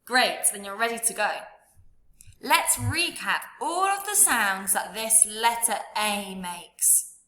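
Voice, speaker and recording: A woman teaching a children's phonics lesson, sounding out letters slowly and coaxing the listener to repeat after her. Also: medium pitch, expressive, sharp tone, echoey room. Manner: slow, drawn-out sounding out of letters with encouraging prompts.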